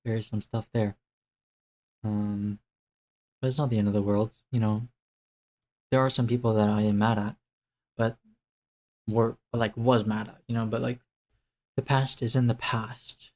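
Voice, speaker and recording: A man's voice: fairly low pitch, steady tone, unhurried, long pauses, darkish tone. A young man talking through a casual life update to the camera, rambling with lots of fillers and restarts. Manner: rambling, self-interrupting, many fillers and restarts. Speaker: vlogger.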